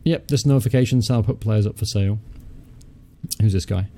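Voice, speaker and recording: Young male let's-play host, low-ish mellow tone, chatty, mutters and swears offhand. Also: a little fast. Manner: chatty, thinks aloud, mutters and swears casually. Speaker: gaming channel host. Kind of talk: casual let's-play commentary.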